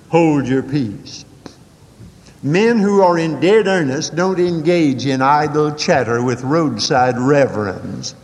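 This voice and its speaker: An older male preacher delivers a sermon in a fairly high voice, swinging from quick folksy asides to slow, weighty emphasis. The recording carries a long hall reverb. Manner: folksy storytelling with dramatic swings in pitch and pace.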